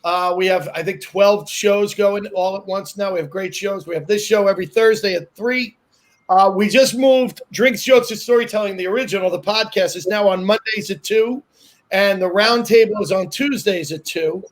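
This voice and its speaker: A man with a high voice spins a meandering comic story and circles back over the same point again and again. He chuckles at his own setup as he goes. The sound comes through a video call. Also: normal speed. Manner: animated, repeats himself, laughs at own jokes. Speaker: comedian guest.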